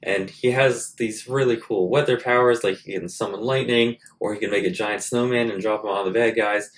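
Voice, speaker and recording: A man hosting a comedic monologue, cracking crude, self-mocking jokes and swinging between loud bursts and quiet asides. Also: lowish voice, fairly even intonation, normal speed. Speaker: host.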